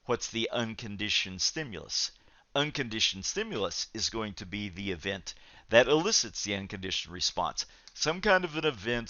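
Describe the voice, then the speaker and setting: Male lecturer, low register, measured explainer with "uh" fillers, dull lo-fi dry recording. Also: pushed and bright, no room sound. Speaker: psychology lecturer.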